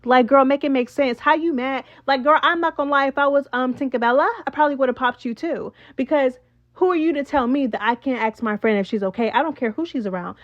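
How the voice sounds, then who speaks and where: A woman's voice: high voice, quick pace, highs cut off. A woman hosting a reality TV recap, chatting casually and sassily, often calling her listeners "child" and "girl". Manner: chatty, sassy, says "child" and "girl" a lot. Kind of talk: casual gossip commentary.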